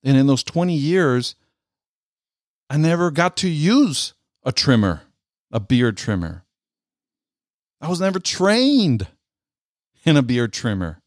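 A middle-aged man, a military veteran, telling a personal story in an earnest, halting way and often repeating his words. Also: fairly high pitch, sing-song, no echo, clean studio sound.

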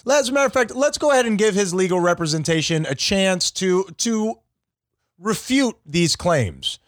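A man's voice: high voice, expressive, normal speed, no room sound, studio quality. A man co-hosting a comedy show, playing an impatient, brusque judge in an improvised courtroom bit. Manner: brusque, impatient, mock-stern. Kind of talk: improvised comedy role-play.

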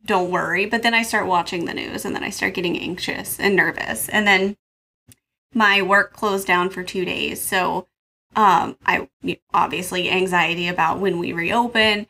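Bright-voiced woman in casual chat. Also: on the low side, steady tone, gravelly. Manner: wry, quick to tease. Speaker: podcast co-host.

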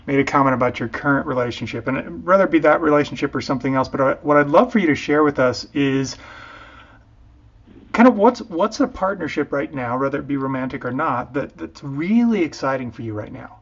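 A man's voice: on the high side, lively intonation, brisk, lo-fi sound. A man hosting a casual interview, affirming his guest and asking open, encouraging questions. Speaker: interview host.

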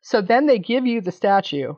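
A woman in her fifties telling an animated story as an interview guest, laughing often and swearing casually. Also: fairly high pitch, moderate pace. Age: 50s. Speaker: interview guest, documentary maker. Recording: dull lo-fi audio.

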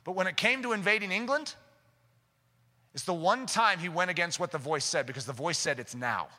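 A man preaches a sermon in a high, sharply bright voice that rings through a long hall reverb. Speaking a little fast, he talks steadily and then rises into impassioned, shouted prayer.

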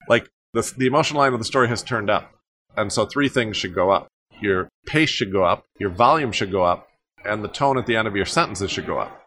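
A man's voice: on the low side, lively intonation, fairly quick, a bit bright, a little hiss or hum. A man who coaches speakers, guest on a podcast interview, talking emphatically and repeating phrases for effect.

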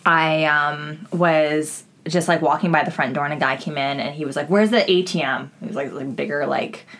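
A woman's voice: sits low, level tone, normal speed, fairly bright tone. A young woman co-hosting a podcast, telling stories in a casual, chatty way, full of "like" fillers and swearing. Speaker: podcast co-host. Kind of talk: casual chat.

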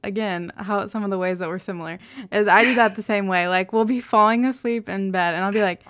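A woman's voice: medium pitch, brisk, a little hiss or hum. A young adult woman hosting a podcast, chatting casually and acting out dialogue with laughs. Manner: animated, laughing, acts out dialogue. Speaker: podcast host.

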